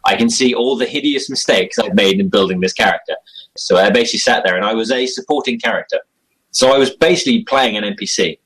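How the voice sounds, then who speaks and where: A young man, an interview guest, chats casually about his role-playing game character, rambling, self-deprecating and chuckling often. His voice is fairly low, fairly bright and slightly rough, he talks fast, and the recording quality is poor.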